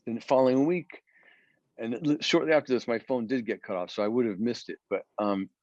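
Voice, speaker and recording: A man, a guitarist from the Philadelphia area, telling long animated stories in an interview with many restarts. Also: medium pitch, fairly quick, no room sound, dull audio. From Philadelphia area, USA. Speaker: guest guitarist. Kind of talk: storytelling interview chat.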